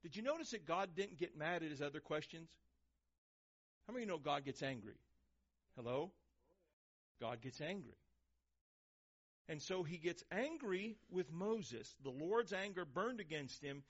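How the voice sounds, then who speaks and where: A man preaching a sermon, swinging between loud emphasis and hushed, quiet lines. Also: on the high side, expressive, a little slow, pauses often. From Texas, USA. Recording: dull lo-fi recording.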